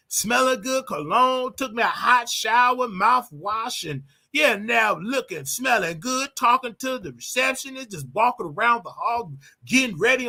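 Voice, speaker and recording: Man, show host, bright voice, animated slangy chat, laughs a lot. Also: fairly high pitch. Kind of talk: live call-in show chat.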